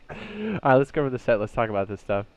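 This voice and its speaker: Guy hosting a gaming vid, hyped and goofy, does dumb sound effects, normal pitch voice. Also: highs cut off, a little hiss or hum. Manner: excitable and goofy, makes silly sound effects. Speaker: gaming channel host. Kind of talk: casual gaming update chat.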